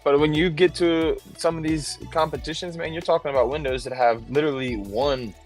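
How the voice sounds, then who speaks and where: A man's voice: on the high side, fairly even intonation, fairly quick, faint music behind. Storytelling man, casual and loose. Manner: loose storyteller, acts out quoted voices, swears. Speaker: guest, window tinter. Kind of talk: casual chat.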